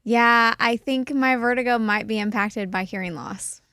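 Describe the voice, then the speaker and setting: A woman's voice: a little high, normal speed, bright, forceful tone, no echo, studio quality. Chatty woman radio co-host. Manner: chatty, giggly, filler-heavy. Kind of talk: casual morning show banter.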